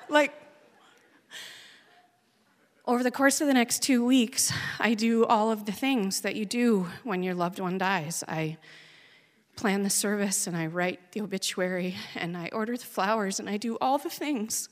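A woman in her thirties from Oregon tells a personal story on stage at an unhurried, measured pace, her feeling close to the surface. Her voice sits in a middle register. A long reverb from a large hall trails each phrase. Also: mid-range voice. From Oregon, USA. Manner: slow, measured, emotional telling. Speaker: speaker telling a personal story.

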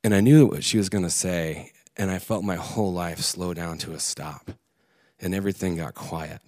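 A man in his thirties telling a candid personal story on a theater stage, earnest and halting at times. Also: deep voice, a little mellow.

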